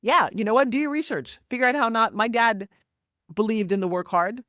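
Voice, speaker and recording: A woman in her sixties, a podcast guest talking over a video call, telling her story in an energetic, emphatic way with big swoops in pitch. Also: fairly quick, no room sound, clean studio sound. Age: 60s. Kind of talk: animated interview storytelling. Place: home office, Florida.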